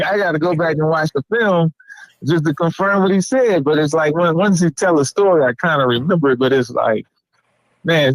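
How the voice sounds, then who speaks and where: A man who is a former coach and teammate, joining as a guest and talking in an easygoing, relaxed way. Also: a little high, dry recording, poor audio. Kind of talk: casual chat.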